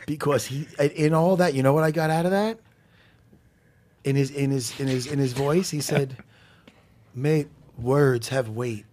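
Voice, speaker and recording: A man co-hosting a casual chat, talking in an animated, profane way and swinging between low mumbles and loud shouts. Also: moderate pace, a little hiss or hum. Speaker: podcast co-host.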